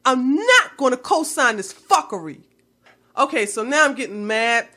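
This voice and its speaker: A woman's voice: high voice, big pitch swings, normal speed, bright, forceful tone. A woman vlogger delivering a heated, blunt commentary rant full of swearing. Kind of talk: profane ranting commentary.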